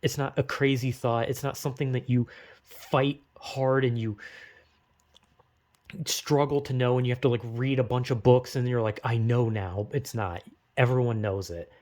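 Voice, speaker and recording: A man's voice: medium pitch, fairly even intonation, normal speed, a little mellow. A young man in a rambling, emotional personal monologue, swearing often and running himself down, with bursts of urgent pep talk. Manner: rambling, swears a lot, self-critical.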